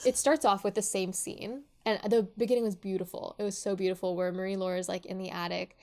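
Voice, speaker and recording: A young woman in her twenties chatting on a podcast. She talks in a loose, casual way, full of fillers and restarts. Her voice sits at an ordinary middle pitch for a woman. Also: fairly even intonation, fast, warm tone. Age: 20s. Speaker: podcast co-host. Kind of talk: casual chat.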